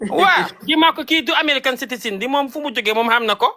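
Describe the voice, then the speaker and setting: Man from gambia, high sharp voice, rapid defiant back-and-forth on a live stream. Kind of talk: heated live stream argument.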